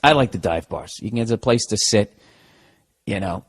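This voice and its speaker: A man's voice: on the low side, expressive, normal speed. A man hosting a podcast alone, delivering a sarcastic, profanity-filled comedic rant. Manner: profane, sarcastic, exasperated ranting. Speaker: podcast host. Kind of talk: comedic ranting monologue.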